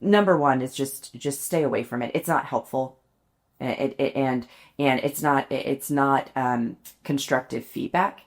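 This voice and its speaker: A woman's voice: a bass voice, unhurried. A woman co-hosting a podcast, telling stories in casual chat, laughing often and poking fun at herself. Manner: chatty, laughs often, self-deprecating storytelling. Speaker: podcast co-host.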